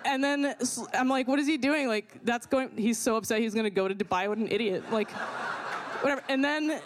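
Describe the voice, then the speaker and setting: A young woman telling a personal story in an animated way, full of fillers and swearing, often laughing as she talks. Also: a little high, brisk, noisy background. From not from America.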